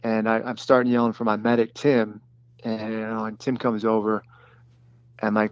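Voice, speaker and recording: A man who was a detachment commander, recounting a battle in plain, halting speech with many fillers and restarts. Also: fairly low pitch, completely flat delivery, dry recording, dull audio. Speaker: former special forces detachment commander. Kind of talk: recounting a combat story in an interview.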